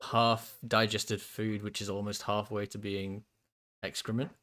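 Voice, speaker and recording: A man's voice: lowish voice, level tone, unhurried, fairly bright tone. A man co-hosting a podcast in casual chat, wry and a bit hesitant.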